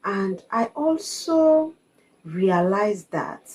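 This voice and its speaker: A woman's voice: fairly high pitch, animated, slow pace, rough recording. A woman, giving a reflective personal monologue as a vlogger, earnest and confiding, repeating her points for emphasis.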